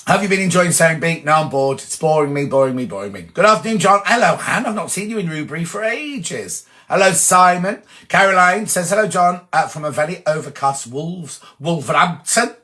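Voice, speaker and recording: A chatty man hosts a relaxed live stream, reading out viewer messages and rambling into gossip. His voice sits a little higher than most men's. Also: fairly quick, hardly any pauses. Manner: chatty, gossipy, reads comments aloud and rambles into anecdotes. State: sneezing from hay fever. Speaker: host reading viewer comments. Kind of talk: casual live-stream chat.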